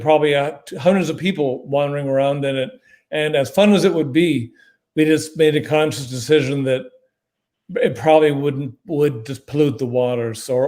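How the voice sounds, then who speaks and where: Brief: male author guest, slightly higher pitch, measured and precise, chatting on a video call. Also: a little mellow. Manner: articulate, measured, precise word choice. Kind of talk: casual conversational answers.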